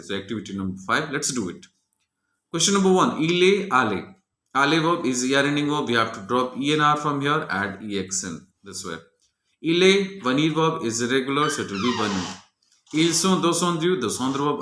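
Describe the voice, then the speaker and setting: Male teacher explaining French grammar methodically, bright tone, roomy echo. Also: medium pitch. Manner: methodical, walks through each answer step by step.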